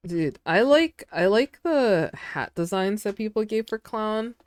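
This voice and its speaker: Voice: medium pitch, expressive, measured pace, smooth, no room sound, clean studio sound. A streamer chatting casually with their audience while drawing. They ramble with lots of fillers and giggle often.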